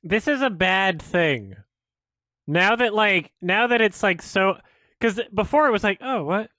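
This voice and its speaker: Brief: male film critic streamer, high pitch, frustrated and swearing, laughing often, dry recording. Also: expressive, a little slow, bright, forceful tone, dry recording. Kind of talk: ranting stream commentary.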